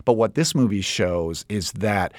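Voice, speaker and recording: Very low-voiced, thoughtful male co-host. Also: dry recording, clean studio sound. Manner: thoughtful, halting, with fillers. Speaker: podcast co-host. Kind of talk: casual film discussion.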